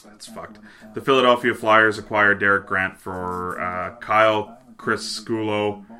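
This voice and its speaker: A man's voice: lowish voice, fairly even intonation, bright, forceful tone. A man co-hosting a casual sports talk show, swearing freely and reading out trade news in an offhand way. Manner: profane, offhand, reads news items quickly. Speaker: podcast co-host.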